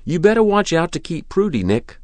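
A man's voice: fairly high pitch, sing-song, brisk, a little mellow, dry recording, pitched above the performer's own voice. A man doing a jovial teasing farmer. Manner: joking, teasing. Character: teasing jovial farmer, middle-aged father.

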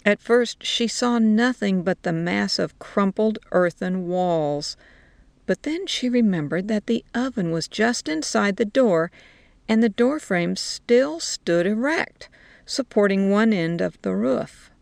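A woman narrating a story in a slow, measured way. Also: medium pitch, lively intonation, vocal fry, dry recording.

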